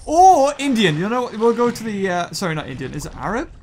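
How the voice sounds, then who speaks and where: A man hosting a gaming video, chatting and joking excitedly to his viewers while he plays. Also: sits high, a little fast, background noise. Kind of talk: let's play commentary.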